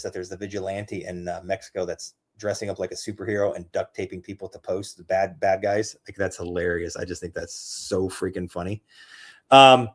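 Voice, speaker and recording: Young adult male, crypto livestream host; casual, excitable, repetitive, loose delivery. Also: mid-range voice. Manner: rambling, excitable, repeats himself. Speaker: crypto streamer.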